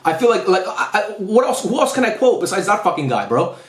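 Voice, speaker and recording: Fast-talking frustrated man ranting. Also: high-pitched, big pitch swings, echoey room. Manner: frustrated, profane, repeats himself. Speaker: football fan reviewer. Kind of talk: ranting post-match review.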